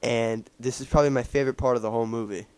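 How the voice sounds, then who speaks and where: A man's voice: medium pitch, steady tone, rapid-fire, a little mellow, clear, resonant tone, no echo. Rambling casual man recapping a film. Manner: rambling, with many fillers and restarts. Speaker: movie reviewer. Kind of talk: casual spoken movie recap.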